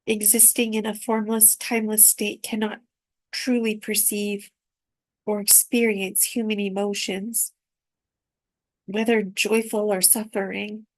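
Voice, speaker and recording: A woman reading aloud from her own spiritual dream journal in a soft, unhurried, reflective way. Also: medium pitch, no room sound.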